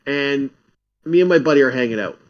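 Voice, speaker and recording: A man's voice: mid-range voice, fairly quick, muffled recording. A man streaming, chatting casually and telling stories bluntly, swearing freely. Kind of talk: casual chat, storytelling.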